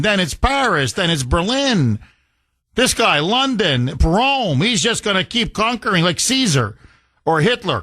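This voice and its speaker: A man's voice: high voice, sharp tone, no room sound. A man hosting a political talk radio show, delivering combative, sarcastic commentary straight into a studio mic. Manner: combative, sarcastic, rapid-fire.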